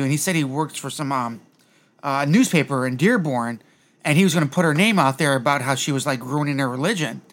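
A man's voice: on the high side, a little fast, a bit bright. A man hosting a podcast in casual chat, rambling through a story with frequent restarts. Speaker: podcast host.

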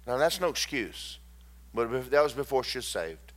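A man preaching a sermon, swinging from loud declarations to hushed, tender storytelling. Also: medium pitch, expressive, fairly quick.

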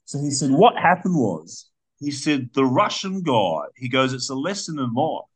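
A man's voice: medium pitch, sing-song, normal speed, slightly rough. A man co-hosting a podcast, retelling a story in a rambling, casual way with some swearing. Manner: rambling, profane storytelling with restarts. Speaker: podcast co-host.

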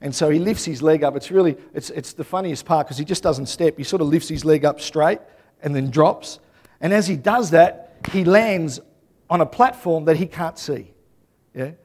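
A man in his thirties or forties, a pastor preaching a sermon with animated, chatty storytelling and frequent tag questions. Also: fairly high pitch, moderate pace.

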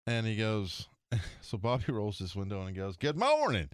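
A man on a radio golf show spinning a story, lively and acting out the voices of the people in it. His voice sits a little low, and the studio sound is dry and close. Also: moderate pace, smooth, no room sound. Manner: animated storyteller doing character voices. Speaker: golf radio show regular, tour pro. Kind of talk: casual storytelling chat.

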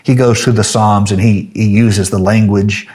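A middle-aged male pastor giving a conversational devotional sermon, pausing often with fillers and restarts, then praying. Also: on the low side, steady tone, darkish tone, slightly rough. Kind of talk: sermon devotional with closing prayer.

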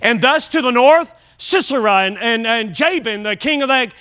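High, bright-voiced preaching man. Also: animated, moderate pace, clean tone. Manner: emphatic preaching with repetition; questions the congregation directly. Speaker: pastor. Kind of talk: sermon. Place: church sanctuary.

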